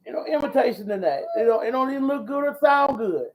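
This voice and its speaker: A man hosting a ministry talk show, talking in a folksy, preachy way, repeating himself and whooping with excitement. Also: extremely high pitch, fast, background noise. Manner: exclamatory and repetitive, whooping with excitement. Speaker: host. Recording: dull lo-fi audio.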